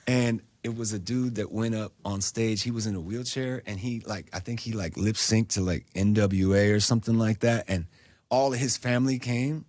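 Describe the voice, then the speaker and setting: Low-voiced man telling stories, dry studio. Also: normal speed, dry recording. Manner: relaxed, conversational, acts out quotes in lively voices. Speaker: guest singer-producer. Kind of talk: casual interview storytelling. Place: radio station studio.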